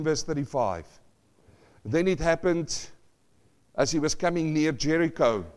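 Preaching pastor, loud then hushed. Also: male voice, fairly high pitch. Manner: dramatic, swings from loud cries to hushed asides; repeats phrases, asks the congregation questions. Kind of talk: sermon.

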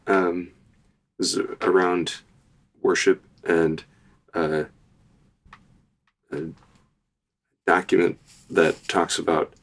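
Deep-voiced man searching for words. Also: little pitch movement, drawn-out words, long pauses. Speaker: retreat participant. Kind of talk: casual group discussion.

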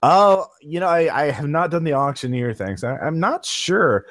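A man's voice: a little high, animated, normal speed, fairly bright tone, no room sound, studio quality. A man chatting casually as a podcast guest, rambling with many restarts and fillers. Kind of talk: casual chat.

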